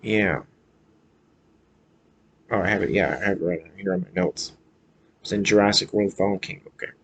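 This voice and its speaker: A man's voice: sits low, moderate pace, vocal fry, breathy edge. An American man vlogging in a casual, hesitant way, with many fillers and restarts as he chats about a movie. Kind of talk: casual rambling movie chat.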